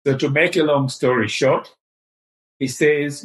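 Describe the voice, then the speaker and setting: An older man, from Tanzania, telling an animated story as an interview guest. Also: medium pitch, normal speed, rough recording. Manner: animated, acts out the voices in his story.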